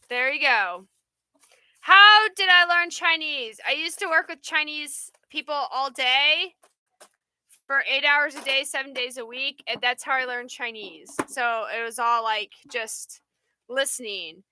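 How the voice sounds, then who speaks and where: A woman's voice: high voice, a little slow, pushed and bright, no room sound. A woman hosting a livestream, chatting in a rambling way and answering viewer comments. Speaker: livestream host. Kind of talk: casual live chat.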